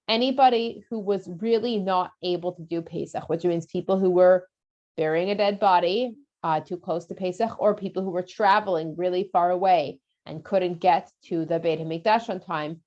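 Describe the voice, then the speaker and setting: A woman teaching a children's lesson, retelling the story in a lively, casual, conversational way. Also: on the low side, dull audio.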